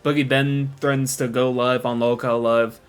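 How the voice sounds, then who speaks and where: A man's voice: medium pitch, little pitch movement, moderate pace, clean tone, faint music behind. Casual, profane man narrating commentary. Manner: loose, profane, filler-heavy. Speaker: commentary video host.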